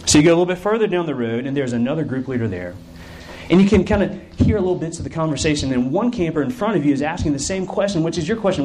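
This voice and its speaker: Brief: male camp preacher, story-driven sermon, animated delivery. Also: fast talker, slight background noise, poor audio. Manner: animated storyteller, lively shifts in pitch.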